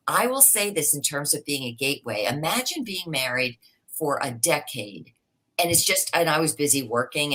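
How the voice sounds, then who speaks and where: Female panelist, deep but bright voice, lively storyteller on a video call. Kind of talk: live panel discussion.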